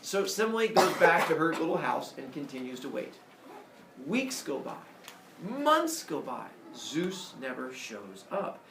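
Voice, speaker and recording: A man teaching, telling a myth to his class in a playful, animated way, recorded from the back of an echoey classroom. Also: on the high side, moderate pace, vocal fry, background noise. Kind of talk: storytelling lesson. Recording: echoey room, camera far off.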